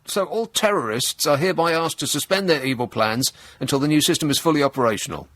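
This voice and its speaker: A man's voice: a little high, fast talker, no echo. Sarcastic male radio host. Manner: sarcastic, deadpan mockery. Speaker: radio talk show host. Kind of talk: satirical radio monologue. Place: radio studio. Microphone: close studio microphone.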